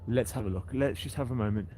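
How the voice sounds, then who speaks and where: A man's voice: medium pitch, background noise. Chatty man outdoors. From England. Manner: chatty, rambling, talks to viewers by name. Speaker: livestream host. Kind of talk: casual walking livestream chat. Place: outdoors on a seaside breakwater.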